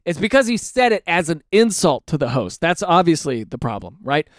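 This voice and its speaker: Lively, ranting comic man, dry sound. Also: fairly high pitch, fairly quick, dry recording. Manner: animated, ranting, mock-exasperated; drops into silly quoted voices. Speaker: comedy commentator. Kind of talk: reacting to online posts, comic commentary.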